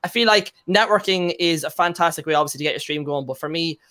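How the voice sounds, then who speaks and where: A young Irish man talks at a rapid clip on a casual podcast. His voice is bright and slightly high. He tells animated stories with local slang and playful quotes. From Ireland. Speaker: guest streamer.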